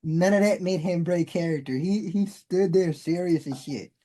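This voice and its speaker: A co-host with a mellow, dark-toned voice of middling pitch. They drop in quick comments and laugh often during a relaxed chat about wrestling. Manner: short laughing interjections. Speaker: podcast co-host. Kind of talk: casual chat.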